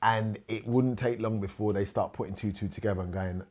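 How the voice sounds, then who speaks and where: A middle-aged man with a husky, slightly breathy voice. He sits in as a podcast guest and tells a frank story from his life, full of feeling. He acts out the other people's lines as he goes. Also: on the low side, fairly even intonation, brisk, a little mellow. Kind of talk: candid storytelling chat.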